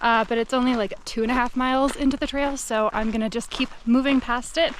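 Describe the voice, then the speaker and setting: A woman's voice: on the high side, steady tone, brisk, a little hiss or hum, rough recording. A young woman talking to her camera on a solo backpacking trip outdoors, chatty and candid, with fillers and self-corrections. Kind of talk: casual vlog narration to camera. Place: outdoors on a mountain trail.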